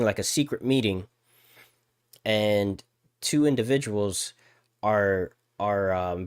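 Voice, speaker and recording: A man co-hosting a live podcast, ranting in casual chat with many stammered restarts and exaggerated quoted voices. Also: mid-range voice. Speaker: podcast co-host.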